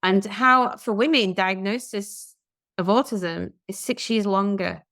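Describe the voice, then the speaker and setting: A woman's voice: mid-range voice, measured pace, a bit bright, no echo, studio quality. A woman co-hosting a podcast, chatting and reading out news articles with her own comments. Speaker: podcast co-host. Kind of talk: casual discussion, reading out news stories.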